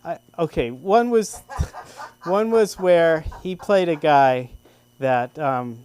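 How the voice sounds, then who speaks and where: An older man at an open mic, telling a rambling, self-deprecating personal story with halting restarts. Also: a little high, lively intonation, a little mellow. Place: comedy club stage.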